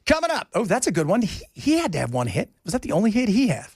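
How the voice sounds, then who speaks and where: A man hosting a talk radio show, rambling in a casual, animated way from topic to topic. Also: high-pitched, fast talker, husky, no echo, clean studio sound.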